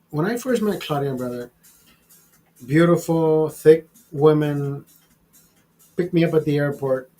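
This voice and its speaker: Over a rough recording, a livestream host with a fairly high, slightly mellow voice chats casually, spinning crude, rambling stories laced with swearing. He keeps calling his viewers brother and bro.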